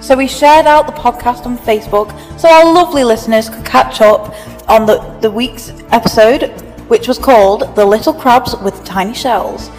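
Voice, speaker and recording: A woman's voice: fairly high pitch, normal speed, darkish tone, long reverb tail, soft background music, low-quality recording. A woman, co-hosting a local podcast and reading mock news in a dry, matter-of-fact way. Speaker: podcast co-host.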